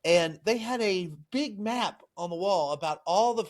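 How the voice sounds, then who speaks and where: Man, podcast host, slightly raised pitch, direct questioning, short interjections. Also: expressive, unhurried.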